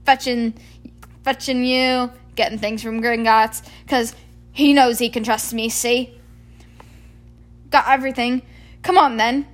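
A woman voicing a huge, gruff, friendly male giant in a read-aloud storybook, talking loudly and heartily in rustic speech. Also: fairly high pitch, fairly even intonation, a little slow, long pauses, close to an everyday voice. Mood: proud.

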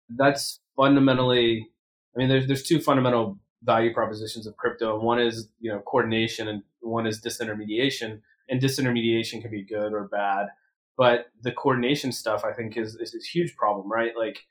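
Male podcast guest, mid-pitched voice, casual, blunt and profane, rambles through his points with constant fillers. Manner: self-correcting and full of verbal fillers. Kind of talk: casual interview talk.

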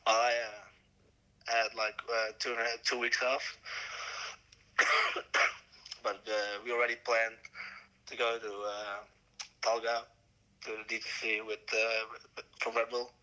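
Hoarse, coughing young man on a phone call. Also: on the low side, level tone, sharp tone. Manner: halting, many fillers and restarts. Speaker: podcast guest, world champion. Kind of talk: casual chat.

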